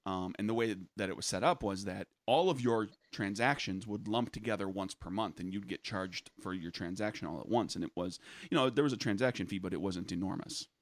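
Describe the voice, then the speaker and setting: A man's voice: deep voice, a little fast, few pauses, no room sound. A man co-hosting a podcast, explaining news at length in casual chat with many restarts. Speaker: podcast co-host.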